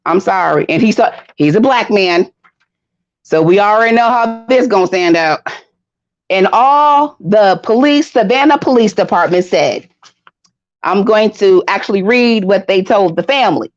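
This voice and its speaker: A woman hosting a casual livestream from home, commenting on the news in a blunt, profane way with animated outbursts, talking straight to her viewers. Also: mid-range voice, moderate pace. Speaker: livestream host. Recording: dull lo-fi stream audio.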